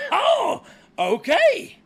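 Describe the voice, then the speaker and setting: A man's voice: very high voice, huge pitch swings, extremely slow, a bit bright. A man co-hosting a podcast in casual chat, joking around, making up silly stories and laughing often. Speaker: podcast co-host.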